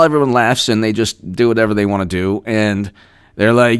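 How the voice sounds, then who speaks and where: A man's voice: lowish voice, normal speed, smooth, dry recording, clean studio sound. A man hosting a political livestream, thanking chat members and mocking his opponents in a sarcastic, theatrical way. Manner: sarcastic, mocking, shifts into loud shouted shout-outs. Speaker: political commentator reading live chat. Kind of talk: livestream commentary.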